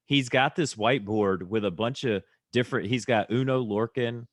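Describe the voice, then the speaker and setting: This wrestling reviewer co-hosts a casual podcast chat, going over segments with relaxed amusement. He speaks at a normal speed with medium pitch, and the recording is dry.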